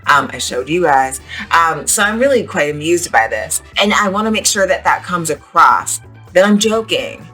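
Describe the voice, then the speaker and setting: A young woman giving a casual English lesson outdoors at the beach, chatty and animated, with frequent "like"s. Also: fairly low pitch, normal speed, faint music behind. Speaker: English teacher.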